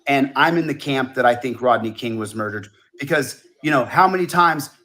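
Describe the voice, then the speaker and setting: A man delivers a meandering monologue, circling back to the same phrases and tripping over his words. His voice sits at a middling pitch. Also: normal speed, bright, forceful tone. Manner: rambling, repetitive, stumbles over words. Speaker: online video talker. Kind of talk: rambling monologue.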